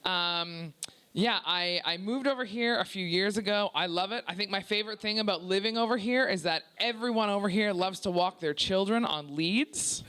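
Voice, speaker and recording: Loud, brash Canadian woman doing stand-up. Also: mid-range voice, normal speed, smooth. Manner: loud, brash and profane, teasing the crowd. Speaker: stand-up comedian. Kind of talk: stand-up set at a work-in-progress preview. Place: small comedy club before a live audience.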